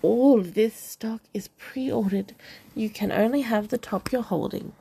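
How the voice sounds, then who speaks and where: A woman's voice: on the high side, measured pace, creaky, warm tone, slight background noise. A woman voicing a fashionable boutique owner with a posh English accent, doting and persuasive. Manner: doting, persuasive, calls everyone darling.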